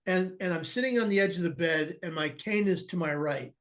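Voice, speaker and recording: A man's voice: sits high, brisk, a bit bright. A man, a guest on an interview podcast, earnestly tells a personal story and acts out the people he quotes, often restarting his sentences.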